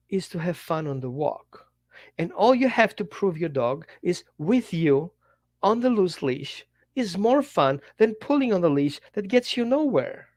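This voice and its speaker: Brief: male dog trainer, animated to-camera lesson, higher-pitched voice, dry close sound, slightly non-native English phrasing. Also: no echo. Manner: animated, talks straight to the viewer, acts out little quotes. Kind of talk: direct-to-camera teaching talk.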